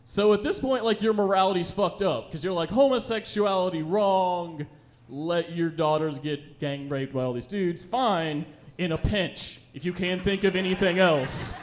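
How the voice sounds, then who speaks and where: A young man rambles through a profane stand-up set on a comedy club stage, his voice sitting high. He jumps between storytelling and quick acted-out voices, talking loosely into a handheld mic. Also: a little hiss or hum.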